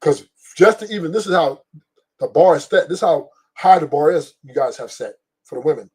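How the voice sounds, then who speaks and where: A man's voice: fairly high pitch, lively intonation, brisk, mellow, husky. A middle-aged man hosting a stream, talking bluntly and profanely in a rambling, casual way and laughing often. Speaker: podcast host. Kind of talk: casual opinion talk on a live stream.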